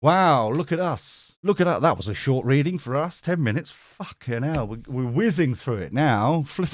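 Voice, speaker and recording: A man's voice: medium pitch, expressive, unhurried, a little mellow, dry recording. Rambling British man reading tarot. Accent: British English. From Britain. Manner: rambling, chatty, swears casually, gets sidetracked. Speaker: tarot reader. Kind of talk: live-streamed tarot reading and chat.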